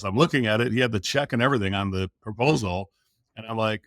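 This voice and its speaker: Animated man telling a sales story. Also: on the low side, fairly quick, dry recording, studio quality. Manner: animated storyteller who acts out quotes. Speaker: podcast guest. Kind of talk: casual storytelling.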